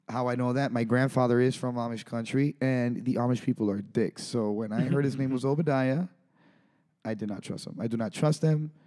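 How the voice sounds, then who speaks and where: A man's voice: mid-range voice, warm tone. A man co-hosting a podcast, chatting casually about a movie, rambling and self-deprecating with lots of restarts. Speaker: podcast co-host.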